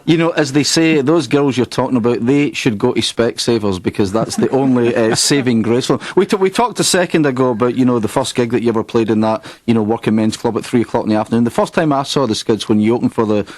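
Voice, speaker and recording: Radio host, talks fast, jokey, long questions, dry studio. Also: male voice, medium pitch, a little mellow, no echo. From Scotland. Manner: quick, joking, long leading questions. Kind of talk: radio interview.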